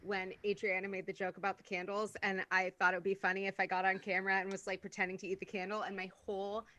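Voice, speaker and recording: A woman's voice: medium pitch, level tone, fast talker, sharp tone. A woman who performs comedy, chatting casually in a rambling way from home over a video call. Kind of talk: casual chat.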